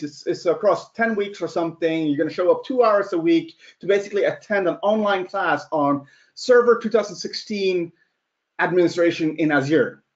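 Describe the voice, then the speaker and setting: A man telling a story in a conference talk, animated and acting out quotes. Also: a little high. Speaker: security presenter. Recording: dull lo-fi sound.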